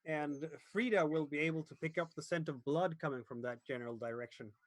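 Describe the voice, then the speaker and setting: Hesitant game master, fairly high voice. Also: male voice, dry recording. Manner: halting, searching for words. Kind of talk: narrating a tabletop game.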